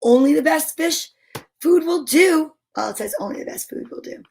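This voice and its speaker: A woman reading picture books aloud to children, gentle and encouraging, asking questions and counting along with them. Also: high-pitched, lively intonation, normal speed, gravelly. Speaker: children's story reader.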